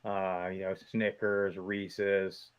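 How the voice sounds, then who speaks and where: A man's voice: sits low, flat delivery, drawn-out words, clear, resonant tone, muffled recording. Upbeat male sports podcast host. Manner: upbeat, promotional. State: voice muffled by a costume mask. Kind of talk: casual sports chat.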